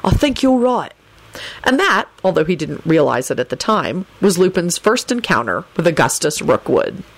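Woman reading a story out loud, lowish voice, really lively, dry close sound. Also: moderate pace, vocal fry, hardly any pauses, no echo. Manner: animated narration with voiced characters. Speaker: audiobook narrator.

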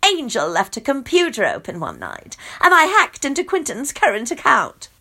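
A woman voicing a deranged young female villain who shrieks and cackles, sometimes turning flat and smug. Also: moderate pace, heavily acted. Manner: shrill, sing-song, then flat and smug.

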